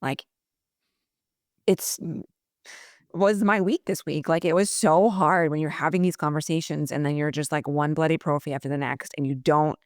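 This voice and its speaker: A woman's voice: low-pitched, fairly even intonation, normal speed, no echo, clean studio sound. A woman who works as a dental hygienist, a podcast guest chatting loosely and leaning on filler words. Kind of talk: casual podcast chat.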